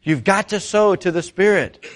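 A man's voice: high-pitched, moderate pace. A middle-aged man preaching a sermon, telling stories and asking the congregation rhetorical questions. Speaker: pastor.

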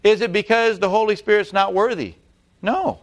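A man's voice: high voice, moderate pace. A man preaching a sermon, emphatic and repeating key phrases, putting rhetorical questions to his congregation. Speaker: pastor.

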